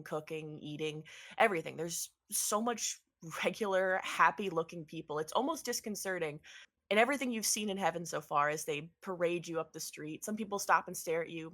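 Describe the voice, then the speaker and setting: A woman's voice: lowish voice, fairly bright tone. A woman narrating as game master in a tabletop game, with many ums as she meanders through descriptions.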